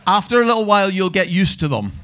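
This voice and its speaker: A man's voice: sits high, sing-song, quick pace, a bit bright, clear, resonant tone. A man with a Northern Irish accent doing a brash, sweary live stand-up set and teasing the audience. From Northern Ireland. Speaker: stand-up comedian. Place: comedy venue stage.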